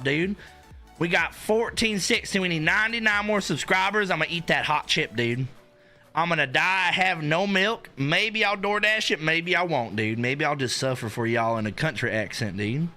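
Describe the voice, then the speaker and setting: A young man chatting on a live stream in a high, bright voice that is sharp and edged. He talks in a hyped, rambling way, full of filler words, and his pitch jumps around a lot. Faint music plays under him. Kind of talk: casual live-stream chat.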